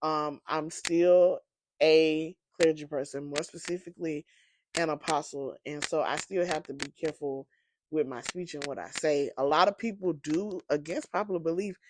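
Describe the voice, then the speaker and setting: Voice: medium pitch, moderate pace, noisy background. A sleepy, yawning podcast host and apostle, rambling conversationally through a casual solo monologue with many fillers.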